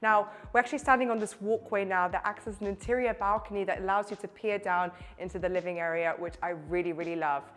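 Young woman, real estate presenter, house tour walkthrough, enthusiastic, chatty, medium pitch. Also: steady tone, quick pace, few pauses, a bit bright. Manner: enthusiastic, chatty, addresses viewer directly. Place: inside a townhouse and on its rooftop terrace.

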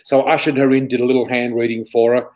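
Animated man telling stories. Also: mid-range voice, fast talker. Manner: animated, laughs often, acts out quoted dialogue. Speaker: psychic flower reader, interview guest. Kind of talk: storytelling anecdote.

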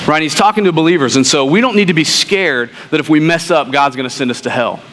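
A man's voice: fairly high pitch, fast, a bit bright. A man, a pastor, preaching a sermon in a conversational storytelling way, often asking "right?". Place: church sanctuary. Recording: long reverb in a church hall, faint hum.

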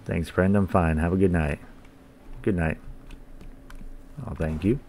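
Young guy doing let's play commentary, real low voice, swears and laughs a lot, faint hiss behind. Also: fairly even intonation, unhurried, darkish tone. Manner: reads game dialogue aloud, swears casually, laughs often. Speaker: gaming channel host.

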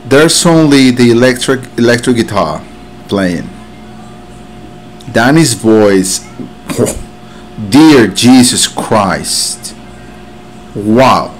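A man with a Mexican accent, a native Spanish speaker, hosts a music reaction video for an album, gushing and exclaiming as emotion overwhelms him. His mid-range voice has lively intonation, drawn-out words and frequent pauses. A slight hiss or hum sits on the recording, with the song playing faintly behind him.

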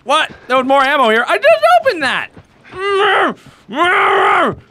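High, lively young man gaming. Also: fast. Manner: loud, expressive outbursts and self-mocking rants. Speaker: let's play host. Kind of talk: video game commentary.

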